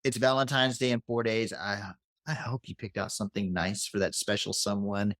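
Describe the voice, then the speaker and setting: Casting: podcast host, man, relaxed and jokey, dry close mic. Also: on the low side, normal speed, no echo. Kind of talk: casual podcast chat.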